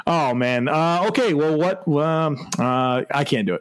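A man's voice: a little high, measured pace, a little hiss or hum. A man co-hosting a casual sports podcast, laughing often and restarting his sentences. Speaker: podcast co-host.

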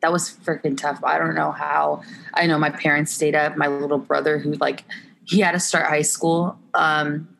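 A young woman, an Olympic softball player, chatting candidly as a podcast guest with lots of laughter and filler words. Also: deep voice, little pitch movement, normal speed, creaky, slight background noise. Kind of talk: casual podcast chat.

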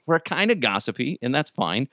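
A man with a Cajun accent hosting a podcast, telling stories in a joking, profane, animated way. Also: medium pitch, measured pace, no echo, clean studio sound. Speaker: podcast host. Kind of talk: casual comedic monologue.

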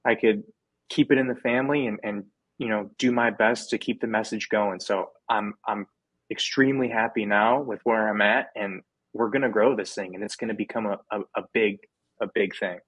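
A young American man, a former ballplayer, chatting casually as a podcast guest, telling stories in a relaxed way with frequent restarts and slang. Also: lowish voice, moderate pace, breathy edge, no room sound. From United States. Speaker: podcast guest, former minor league player. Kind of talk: casual interview chat.

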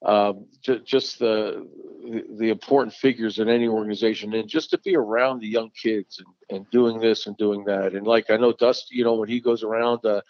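A man's voice: fairly low pitch, fairly even intonation, moderate pace, few pauses, no room sound, muffled recording. A man telling stories in an easygoing, casual way, repeating phrases as he goes. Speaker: former catcher, interview guest. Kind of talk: casual storytelling.

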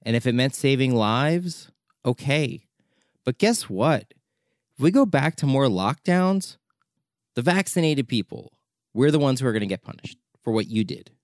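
Male documentary maker, heated monologue, mid-pitched, insistent repeats, dry close sound. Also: big pitch swings, moderate pace, no echo. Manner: exasperated, urgent, repeats words for emphasis. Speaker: documentary filmmaker. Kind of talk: impassioned opinion monologue.

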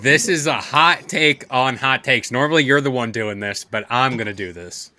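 A man with a bright, forward voice chats casually as a podcast co-host. He sounds relaxed and fills his talk with "like". The recording is dry and close. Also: medium pitch, moderate pace, dry recording. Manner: relaxed, with many "like" fillers. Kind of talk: casual chat.

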